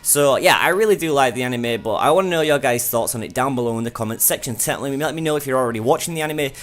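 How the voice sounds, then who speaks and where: Young man, casual anime recap, rambling, lots of fillers, mid pitch. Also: rapid-fire. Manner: chatty, rambling, with frequent fillers and "like". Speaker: anime reviewer. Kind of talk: casual episode recap and review.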